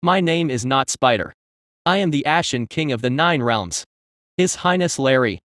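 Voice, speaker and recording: A man's voice: mid-range voice, animated, normal speed, fairly bright tone, no room sound, studio quality, lightly acted. A man voicing a huge male spider who speaks in stiff, pompous, formal phrases. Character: giant spider king, male, formal and servile.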